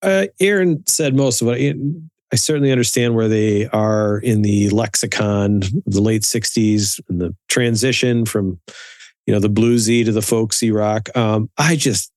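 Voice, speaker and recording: Male co-host, low voice, understated, dry sound. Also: measured pace, darkish tone, dry recording. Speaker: podcast co-host. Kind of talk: casual podcast banter.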